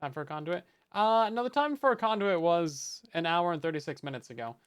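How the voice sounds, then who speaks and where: A man's voice: on the high side, expressive, fairly quick, a bit bright, smooth. A man casually narrating his Minecraft building session, chatting and joking at his own expense as he plays. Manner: chatty, self-mocking, talks to chat while building. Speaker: Minecraft let's play host. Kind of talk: casual gameplay commentary.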